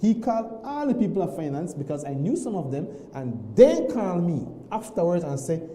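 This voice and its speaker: Man, very dark voice, echoey studio. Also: high voice, moderate pace, hardly any pauses, a little hiss or hum. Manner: animated, repeats himself, many restarts. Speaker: guest. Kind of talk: casual storytelling on a morning show.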